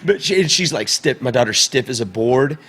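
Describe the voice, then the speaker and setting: Casual male podcast guest, thirties, mid-pitched, rambling storyteller. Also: expressive, brisk, pushed and bright, slightly rough. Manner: rambling, repeats words while telling a story.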